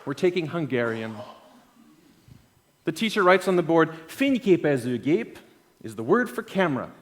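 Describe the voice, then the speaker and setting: A man tells a story from the stage in a keynote talk. His voice sits a bit high and leaps around in pitch. He swings from loud bursts to quiet, low asides. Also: very animated, normal speed. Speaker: conference speaker. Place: event stage.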